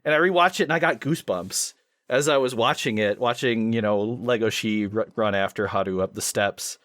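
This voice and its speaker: A man co-hosting a podcast in casual chat, enthusiastic and quick to act out lines he quotes. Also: on the low side, a bit bright, no room sound, clean studio sound. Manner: enthusiastic, acts out quotes in shifting voices. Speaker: podcast co-host.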